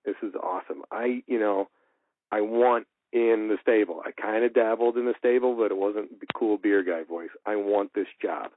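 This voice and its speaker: Male voice actor, storytelling guest, slightly low voice, animated, dry phone-quality audio. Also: normal speed, no echo. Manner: animated, acts out quoted dialogue. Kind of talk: casual storytelling in an interview. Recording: tinny phone-like line, dry.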